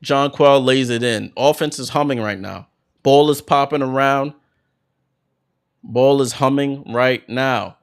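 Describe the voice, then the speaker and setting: A man hosting a basketball watchalong, calling the plays as an excited fan with sudden bursts of hype. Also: mid-range voice, measured pace, clear, resonant tone. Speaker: watchalong host doing play-by-play. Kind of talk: fan play-by-play commentary.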